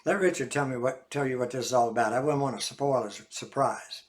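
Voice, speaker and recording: Older man doing a tired housewife, calm, plain-spoken, memoir read aloud. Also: mid-range voice, brisk, lightly acted. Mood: weary. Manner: plain, weary. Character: friend's wife, calm and tired.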